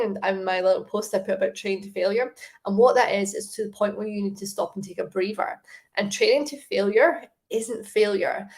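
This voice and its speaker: A woman, a fitness coach, giving casual, encouraging advice and putting questions to the listener. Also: medium pitch. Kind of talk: casual advice talk to camera.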